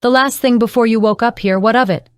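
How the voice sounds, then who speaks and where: A woman's voice: a little high, fairly quick, clean tone, dry recording, pitched above the performer's own voice, close to an everyday voice. A woman reading the part of a stern, domineering woman interrogator in an audiobook, in a cold, mocking manner.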